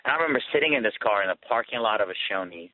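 Earnest male guest, low-ish voice, phone-line quality, animated storyteller. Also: very fast, no echo. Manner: earnest, animated, many fillers and restarts. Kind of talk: personal testimony storytelling.

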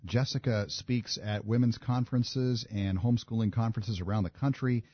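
A man's voice: medium pitch, fairly even intonation, normal speed, husky, no echo. A man hosting a radio call-in show, reading promos and interviewing a guest conversationally. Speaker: radio talk show host. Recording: dull lo-fi radio audio with faint music.

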